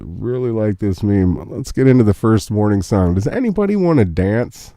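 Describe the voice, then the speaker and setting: Man, morning show host, earnest, emotional, dry close sound, warm dark tone. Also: on the low side, very animated, normal speed, no room sound. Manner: earnest and emotional, speaks of faith. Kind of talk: casual live-stream chat reading memes.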